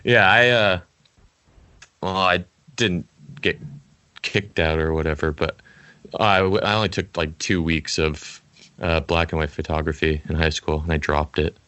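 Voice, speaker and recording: A man's voice: a bass voice, fairly even intonation, bright, forceful tone, smooth. A young man in his twenties hosting a podcast over a video call, chatting casually, teasing and joking. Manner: joking, teasing, quick to laugh. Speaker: podcast host. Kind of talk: casual chat.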